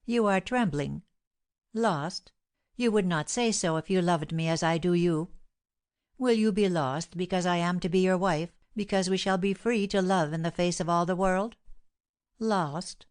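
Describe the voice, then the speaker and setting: A woman's voice: lowish voice, a little slow, a little mellow, smooth, pitched above the performer's own voice, close to an everyday voice. Woman reading as a cold, scheming young wife. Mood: contemptuous. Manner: cold, insistent, contemptuous.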